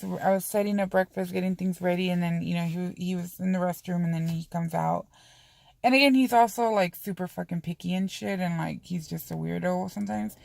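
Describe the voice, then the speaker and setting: A woman's voice: fairly low pitch, creaky, no echo. A woman vlogging in a casual, confessional way, rambling candidly with frequent swearing and lots of "you know" and "um". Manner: heavy use of fillers like "you know" and "um".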